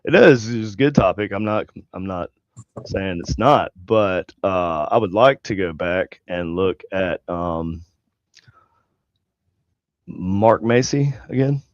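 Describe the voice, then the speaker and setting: Casual podcast host, man, low voice, joking, dry dull lo-fi sound. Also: slow, no room sound. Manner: joking, offhand. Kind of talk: casual chat.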